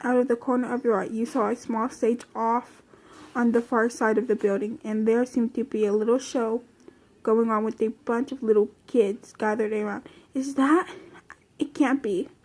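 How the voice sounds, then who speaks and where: A woman's voice: on the high side, level tone, normal speed, darkish tone. A woman reading a fan story aloud from a phone, in a plain, unpolished way with restarts. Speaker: reader.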